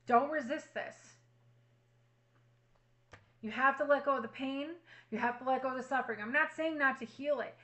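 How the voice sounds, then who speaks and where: Bright-voiced woman giving a tarot reading. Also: sits high, normal speed, pauses often, low-quality recording. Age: adult with a child at home. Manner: earnest, reassuring, repeats affirmations. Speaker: tarot reader. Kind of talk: spiritual tarot reading to viewers.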